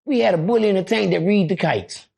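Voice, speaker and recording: A man telling a story on a podcast in a casual, animated way, acting out voices and throwing in profane asides. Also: high voice, fast talker, creaky, breathy edge.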